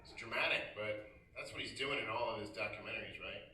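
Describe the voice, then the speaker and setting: A man's voice: on the low side, brisk, reverberant, recorded from a distance, background noise. A man doing a stand-up comedy set, talking wryly and conversationally with the crowd. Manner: conversational, wry, addresses the crowd. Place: comedy club stage.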